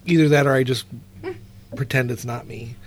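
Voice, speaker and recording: A man's voice: mid-range voice, steady tone, moderate pace, a little hiss or hum. A man guest making wry, teasing remarks during a casual card game. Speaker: podcast guest. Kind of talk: casual game-night chat.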